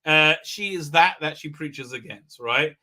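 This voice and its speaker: A man's voice: on the high side, a little slow, pushed and bright. A man hosting a livestream, giving a rambling, sarcastic commentary, full of fillers and restarts. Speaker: livestream host reviewing a TV episode.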